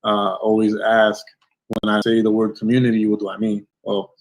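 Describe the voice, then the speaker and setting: Low-voiced effusive male stream host. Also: monotone, normal speed, poor audio. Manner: effusive, thankful, blessing-heavy. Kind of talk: livestream interview intro. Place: home setup in Florida.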